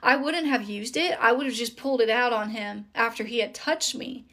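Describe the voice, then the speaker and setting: A woman with a fairly high voice tells a personal story in a casual storytime monologue. She is indignant and swears freely as she talks. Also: normal speed, fairly bright tone.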